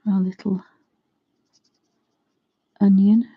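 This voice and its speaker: A woman's voice: mid-range voice, little pitch movement, extremely slow, breathy edge, phone-quality sound. A woman teaching watercolour on a casual live stream, chatting and thinking aloud to her viewers as she paints. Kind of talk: casual live craft demonstration.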